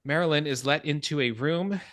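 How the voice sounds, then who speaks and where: Bright-voiced man recapping a movie. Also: on the high side, fairly quick, dry recording, clean studio sound. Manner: animated storytelling, swearing, laughing at himself. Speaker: podcast host. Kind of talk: casual film discussion.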